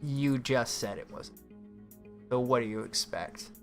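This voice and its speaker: A man's voice: mid-range voice, a little slow, faint music behind. A man hosting a casual livestream, ranting sarcastically and swearing often. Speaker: livestream host.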